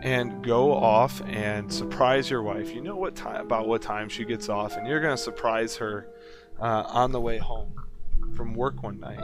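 A man narrating a tabletop game as game master, in halting, filler-heavy speech. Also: on the low side, fairly even intonation. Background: guitar music.

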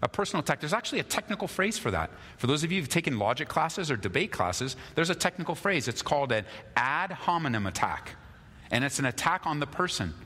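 Male pastor, lively preaching, bright forceful voice, long hall echo. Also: fairly high pitch, quick pace. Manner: animated, acts out quarrels in lively voices. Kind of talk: sermon.

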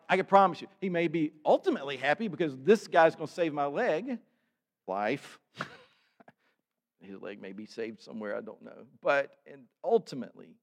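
A man preaching a sermon, reading scripture aloud and explaining it in a conversational way, often building to louder emphasis. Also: mid-range voice. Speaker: pastor.

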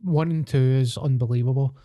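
Mellow-voiced Scottish man, matey chat. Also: mid-range voice, steady tone, a little fast. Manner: enthusiastic, says "mate" constantly. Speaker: podcast co-host. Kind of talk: casual chat.

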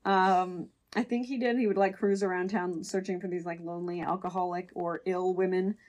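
A woman's voice: lowish voice, steady tone, brisk, darkish tone, highs cut off. A woman hosting a podcast, chatting casually and hedging often as she tells a true crime story. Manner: rambling, hedging, laughs while telling the story. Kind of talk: casual chat.

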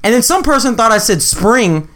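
In a casual chat, a man with a very high-pitched voice talks at normal speed, telling stories by acting out everyone in them. His voice swings up and down with the quotes, and he laughs often and swears freely in his loose, animated delivery.

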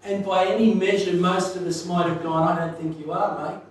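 A man preaching a sermon, telling a story with laughter and swinging between loud bursts and hushed moments. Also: high voice, fairly even intonation, normal speed, heavy reverb, recorded from a distance, low-quality recording. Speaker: pastor.

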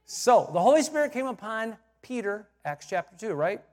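A high-pitched male pastor preaches in a church, and his voice rings with a long reverb. He drops to quiet asides, then builds to loud emphatic points and repeats key phrases for effect. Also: sing-song, moderate pace, faint music behind. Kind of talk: sermon. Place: church sanctuary.

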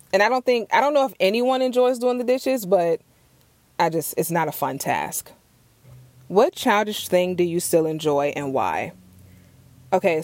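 A woman's voice: on the low side, darkish tone, no room sound. A young woman hosting a podcast, chatting earnestly on her own as she answers question cards, often repeating words while she searches for what to say. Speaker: podcast host. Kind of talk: casual solo Q&A chat.

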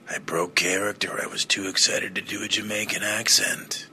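A man hosting a casual solo podcast, talking in a relaxed, rambling way with many fillers. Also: low-pitched, normal speed, hardly any pauses, a little hiss or hum. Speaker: podcast host and film reviewer.

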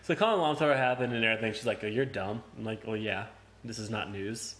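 A man's voice: on the low side, fast, fairly bright tone, a little hiss or hum. Young man, casual podcast storyteller, profane and laughing, acts out the other voices.

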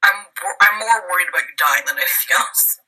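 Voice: medium pitch, fast talker, sharp tone. A player in a tabletop game over voice chat, casual and giggly. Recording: tinny phone line, distant from the mic.

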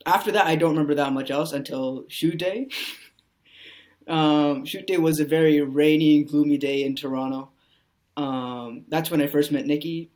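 A man's voice: on the high side, fairly even intonation, normal speed, a little mellow. A man, an actor appearing as a podcast guest, speaking casually and rambling with lots of "you know" fillers.

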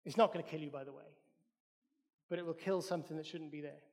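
A man's voice: a little high, fairly even intonation, fast, gravelly, in a large hall. A Welsh man preaching a sermon in a church, emphatic and repeating his phrases in threes.

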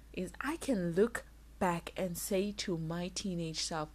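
A young woman vlogging candidly, telling an emotional personal story in quick, animated bursts. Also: fairly low pitch. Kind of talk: casual vlog monologue.

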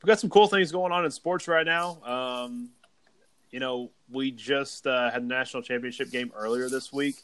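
A man's voice: medium pitch, moderate pace, fairly bright tone. A young man hosting a casual sports podcast, rambling with lots of fillers. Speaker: podcast host.

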